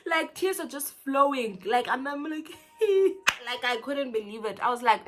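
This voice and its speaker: A young woman with a South African accent telling a storytime vlog in an animated, chatty way, full of "like" fillers. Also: high voice, measured pace, music in the background. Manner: animated, chatty, heavy use of "like". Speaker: vlogger.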